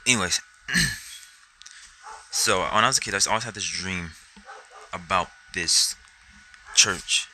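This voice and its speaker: A man's voice: low voice, a little slow, pauses often, pushed and bright, slight background noise, poor audio. A young man telling a rambling personal story to camera, swearing constantly and acting out his own reactions. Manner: rambling, heavy swearing, acts out quotes. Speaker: vlogger.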